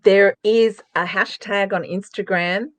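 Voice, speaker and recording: A woman's voice: mid-range voice, fairly even intonation, unhurried, no echo. An Australian woman talking as a guest in a casual interview, chatty and upbeat, giving emphatic advice. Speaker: guest, craft presenter.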